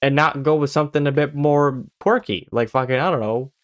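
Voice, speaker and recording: A man's voice: fairly high pitch, a little fast, no echo, studio quality. A Swedish man with American-style English, Swedish his first language, chatting casually and rambling as he streams a game, swearing and laughing often. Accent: American-style English learned as a second language. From Sweden. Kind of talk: casual commentary while gaming.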